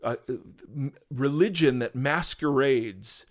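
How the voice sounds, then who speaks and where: A man's voice: mid-range voice, slow pace. Earnest preachy man talking faith. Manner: earnest, preachy, animated with restarts. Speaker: podcast co-host, pastor. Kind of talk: casual conversational teaching.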